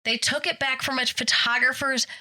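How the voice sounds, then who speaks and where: In a podcast studio, a high-voiced woman shares a story during casual co-host chat, speaking at normal speed. She animatedly performs the people she quotes, even their yelling.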